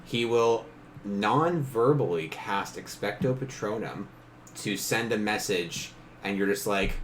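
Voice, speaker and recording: A man's voice: on the low side, measured pace, slight background noise. A man narrating as game master in a casual tabletop session, laughing often and briefly acting out characters.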